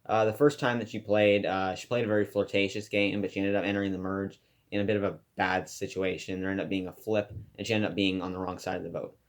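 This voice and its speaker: A man with a fairly low voice gives an eager class presentation, stumbling and restarting as he goes. His delivery is casual and heavy with fillers. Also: level tone, fast. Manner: enthusiastic, rambling with fillers and restarts. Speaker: student presenter.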